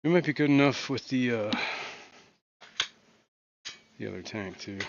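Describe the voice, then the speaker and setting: A man's voice: medium pitch, a little slow, creaky, lo-fi sound, slight background noise. A man hosting a casual livestream from his fish room, rambling with muttered asides and lots of fillers. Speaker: livestream host.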